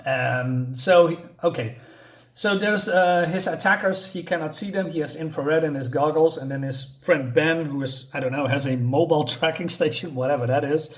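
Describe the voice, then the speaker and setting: A man's voice: a little high, moderate pace. A man giving a casual spoken comic book review, rambling and hesitant, with many fillers.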